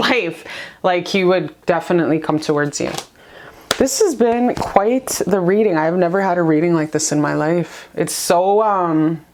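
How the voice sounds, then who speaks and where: A woman hosting a casual online tarot reading, talking to her viewers in a gushing, affectionate, slangy and frank way. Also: lowish voice. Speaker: tarot reader.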